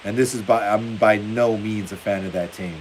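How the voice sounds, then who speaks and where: A man with a lowish voice and fairly even intonation hosts a football livestream at a moderate pace. In casual chat he reads viewer comments aloud and laughs often, and the rough recording has a faint hiss.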